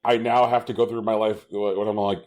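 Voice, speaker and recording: A man's voice: fairly low pitch, level tone, brisk, darkish tone. A man co-hosting a podcast, joking bluntly and crudely in casual chat. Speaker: podcast co-host.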